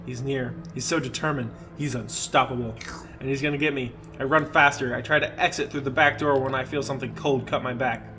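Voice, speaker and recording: A man's voice: medium pitch, fairly even intonation, fairly quick, sharp tone, a little hiss or hum. A young man co-hosting a podcast, reading a horror story aloud with hammy emphasis and bursts of laughter. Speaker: podcast co-host.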